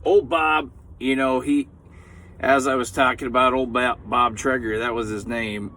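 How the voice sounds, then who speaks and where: A man's voice: mid-range voice, fairly even intonation, unhurried, bright, forceful tone, a little hiss or hum. A man telling hunting jokes in a casual, rambling way. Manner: rambling, chatty delivery. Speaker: comedian.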